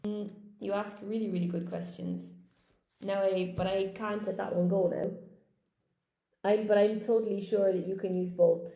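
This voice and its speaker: A woman's voice: mid-range voice, little pitch movement, moderate pace, gravelly, dark tone, echoey room. An Irish woman and English teacher running a live-stream lesson, chatting with viewers, thinking aloud and reading out their comments. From Ireland.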